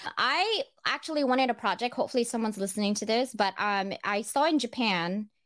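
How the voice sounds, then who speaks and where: A woman's voice: on the high side, brisk, dry recording. Bubbly woman hosting a podcast, dry sound. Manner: bubbly, laughs often, animated. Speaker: podcast host. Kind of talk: casual podcast chat.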